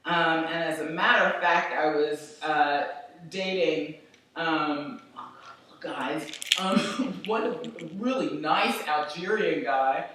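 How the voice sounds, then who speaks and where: Animated woman storyteller, echoey and distant. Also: deep voice, slow, a little hiss or hum. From Philadelphia, USA. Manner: animated, laughs often, lively. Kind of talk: live storytelling. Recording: echoey room, voice far from mic.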